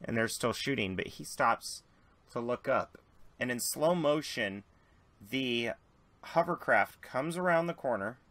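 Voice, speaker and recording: A man narrating as game master, dramatic and lively, jumping into voices for characters. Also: medium pitch.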